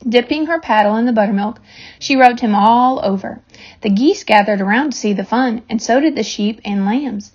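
A woman reading a children's novel aloud in a steady storytelling manner, on a dull lo-fi recording. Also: a little high, moderate pace, breathy edge. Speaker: reader.

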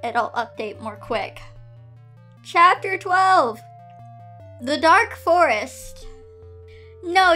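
High, bright-voiced woman reading aloud. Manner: incredulous, laughing asides between read lines. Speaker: host reading fan fiction aloud. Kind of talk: reading a story aloud with commentary.

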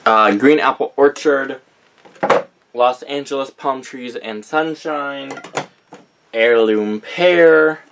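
Slow and gravelly, yet a bit bright, this young man's mid-range voice comes with a little hiss or hum on the recording. He's a vlogger presenting his candles, casually rambling through a list of names and repeatedly fixing his mistakes.

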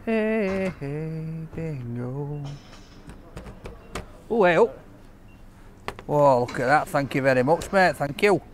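A man's voice: a little high, animated, slow pace, pauses often, a little hiss or hum. A man reviewing a takeaway meal in a chatty, enthusiastic, jokey way, talking outdoors on a street. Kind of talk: casual food review vlog.

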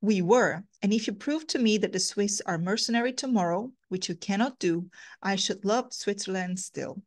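A woman's voice: medium pitch, moderate pace, close to an everyday voice. A woman reading aloud as a proud young Swiss-English woman, in earnest, indignant rebuttals.

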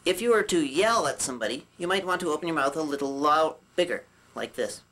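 A man voicing a chatty male puppet who teaches puppetry with jokes and rambling asides, often clearing his throat. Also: on the high side, lively intonation, quick pace, a bit bright. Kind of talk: puppet demonstration lesson.

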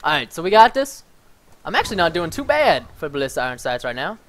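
A young man hosting a game video, joking and excitedly commentating live gameplay, yelling during action. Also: on the high side, quick pace. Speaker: YouTube gaming host.

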